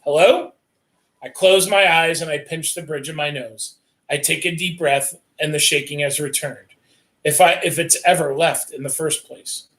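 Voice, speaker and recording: Male audiobook-style reader, forceful, bright tone, earnest first-person narration. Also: a little high, steady tone, normal speed.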